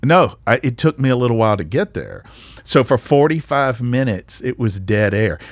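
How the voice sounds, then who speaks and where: A man's voice: mid-range voice, big pitch swings, moderate pace, no echo. A middle-aged man with a Southern accent, hosting a podcast and telling a joking story in casual chat. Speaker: podcast host. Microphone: studio microphone.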